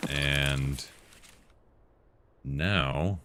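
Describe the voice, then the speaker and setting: A man with an extremely low voice talks casually over his gameplay, answering viewers' tech questions as he plays. Clear background noise and clicking sounds run behind his voice the whole time. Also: very slow, sharp tone. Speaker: game streamer answering chat. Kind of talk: casual live-stream commentary.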